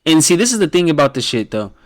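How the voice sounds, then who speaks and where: A man hosting a casual reaction stream who rates viewers' team picks, talking bluntly and with lots of swearing, laughing often and dropping to a low mumble when he reads out names. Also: sing-song, fast talker, no echo, studio quality. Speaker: host reacting to viewers' fan-picked football teams.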